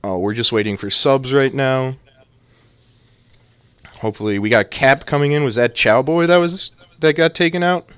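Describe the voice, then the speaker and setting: A man's voice: medium pitch, normal speed, a bit bright, clean tone, no room sound. A man casting an amateur esports match, talking casually and joking around with many fillers. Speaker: esports caster.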